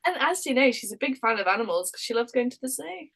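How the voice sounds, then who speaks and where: A woman's voice: a little high, very animated, quick pace, a bit bright. A woman co-hosting a podcast, casual, playful and giggly. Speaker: podcast co-host.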